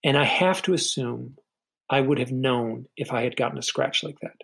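On a podcast, a middle-aged guest recounts something from his own life, earnest but halting, regularly repeating a word when starting sentences. His medium-pitched voice has vocal fry and a husky, slightly bright quality, and the recording is low quality.

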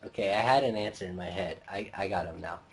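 A laid-back young man co-hosting a casual game chat, wry and relaxed. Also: deep voice, fast, husky, rough recording. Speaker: co-host.

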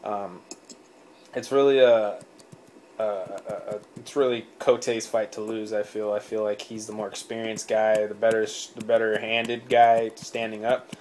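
A man's voice: on the low side, little pitch movement, a little slow, darkish tone, a little hiss or hum. A man hosting a casual sports podcast, rambling with many fillers, swearing and laughing often. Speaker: podcast host. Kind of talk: casual chat.

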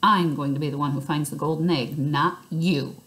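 A woman's voice: low-pitched, fairly even intonation, moderate pace, fairly bright tone. A woman voicing a bossy know-it-all little girl in a storybook reading, stern and scolding.

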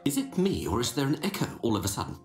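A woman voicing a brisk, confident detective in a game, teasing and theatrical, with music and echo behind. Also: extremely low pitch, big pitch swings, creaky, full character voice. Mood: wry. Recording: game audio, echoey with music.

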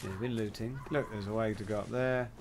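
A man streaming a video game, hamming up a put-on Texas drawl and shouting excitedly at what happens on screen. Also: lowish voice, fast talker, slight background noise. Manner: putting on a joking Texas drawl. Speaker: gameplay streamer. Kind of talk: live let's-play commentary. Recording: game sound in the background.

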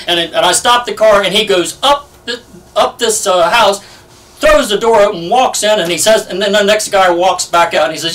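A man in his seventies telling stories in an oral history interview, lively and full of fillers. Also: high voice, moderate pace. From United States. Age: 70s. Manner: lively anecdotal storyteller, many fillers. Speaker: Navy veteran interviewee. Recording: distant from the mic.

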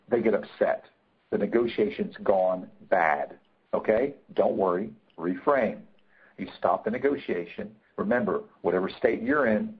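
Husky man teaching over a tinny line. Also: on the low side. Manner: emphatic, repeats key points, many fillers. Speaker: negotiation trainer. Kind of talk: webinar teaching.

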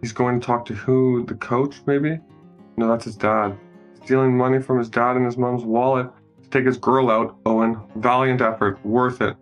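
A man giving a casual, joking movie recap, commenting on each scene as it unfolds. His voice sits in an ordinary middle range. Soft music plays faintly in the background. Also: medium pitch, level tone, normal speed, muffled recording. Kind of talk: casual improvised movie narration.

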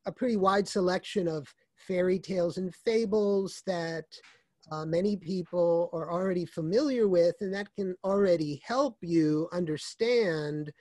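A man being interviewed as an author, speaking in a measured, explanatory way that often restarts phrases. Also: high-pitched, a little mellow, dry recording. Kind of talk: conversational interview.

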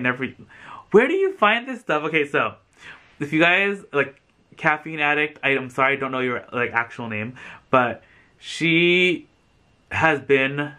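A chatty man talks casually to his viewers, gushing over their comments with plenty of "like" and "um". His voice is bright and forceful, and it leaps up in pitch when something excites him. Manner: chatty and effusive, many fillers like "like" and "um". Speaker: vlogger reading viewer comments. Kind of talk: casual chat.

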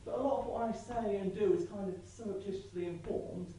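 A young man doing sardonic, rambling stand-up comedy at a student debating society, swearing freely and laughing at his own jokes, heard from a distance in an echoey hall over loud audience laughter. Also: high voice, fairly quick. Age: young adult. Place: large hall with live audience.

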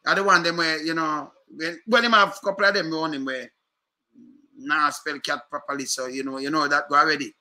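In a casual rant aimed at his viewers, a Jamaican-accented male commentator keeps repeating points and firing off rhetorical questions with fired-up energy. He talks a little fast in a fairly high, pushed, bright voice with fairly even intonation.

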